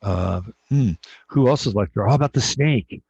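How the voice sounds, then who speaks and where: A man's voice: medium pitch, moderate pace, creaky, a little mellow, breathy edge, dry recording. A man voicing a sly, scheming little male rat who mutters plans to himself, on a dull, dry recording.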